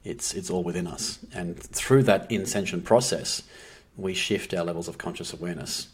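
A man speaking as a guest on a podcast, earnest and reflective, often restarting his sentences. His voice is very low and husky, with a soft rasp. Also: moderate pace. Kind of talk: casual podcast conversation.

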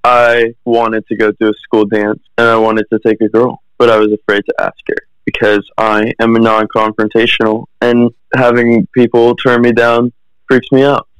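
A man's voice: medium pitch, monotone, normal speed, clean tone, no echo, rough recording. Shy-sounding young man, dry close sound. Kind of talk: casual family podcast chat.

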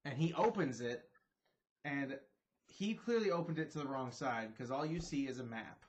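A man's voice: medium pitch, expressive, moderate pace. A man narrating as game master, playful and a bit rambling, laughing between beats.

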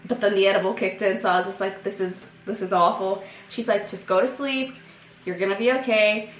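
A young woman tells a long story to her co-hosts. She is animated, laughs easily and acts out her own inner voice. Her pitch sits mid-range, and the room gives the sound a noticeable echo. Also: brisk, a little hiss or hum. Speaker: podcast co-host. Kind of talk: casual storytelling among friends. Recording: roomy echo.

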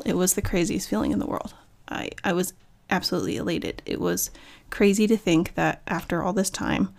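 A woman in her thirties, an author and mother, speaking candidly and reflectively in a personal monologue, often restarting her sentences. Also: mid-range voice. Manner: earnest, reflective, with frequent restarts. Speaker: author sharing personal story.

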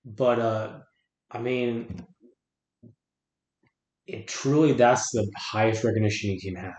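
Slow and a little mellow, this medium-pitched male podcast guest converses casually with earnest reflection, repeatedly restarting what he says. Room echo is audible.

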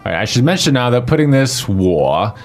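A man co-hosting a podcast lesson, explaining word by word in a relaxed way. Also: medium pitch, brisk, soft background music. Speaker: podcast co-host.

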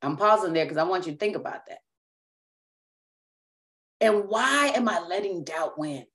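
A woman's voice: fairly low pitch, lively intonation, moderate pace, a bit bright. A woman preaching a sermon as apostle and teacher, speaking emphatically and often repeating and restarting words.

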